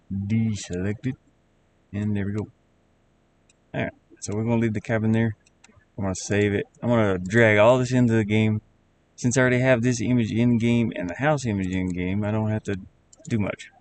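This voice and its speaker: A man with a Southern accent chatting casually on a live stream while he builds a game, rambling in halting, self-correcting bits. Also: on the low side, steady tone, a little hiss or hum. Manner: rambling, halting, restarts words.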